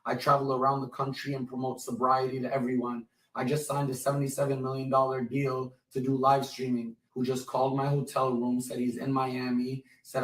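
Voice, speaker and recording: A man live streaming from a hotel room, ranting in a brash, profane way. His voice sits at an ordinary male pitch. It sounds roomy, as if he is some way from the phone. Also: completely flat delivery, far from the mic. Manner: brash, profane, rapid rants. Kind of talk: live stream, talking to chat and a dispatcher. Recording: roomy sound, away from the mic.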